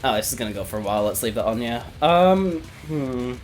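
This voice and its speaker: A man streaming a text adventure game, reading it aloud and reacting with sudden loud outbursts. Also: medium pitch, animated, brisk. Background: faint background music.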